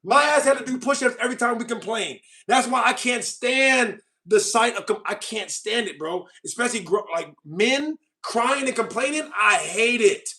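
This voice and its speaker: Young male livestream host; high, bright voice; mocking, ranty casual chat. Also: animated, moderate pace, few pauses.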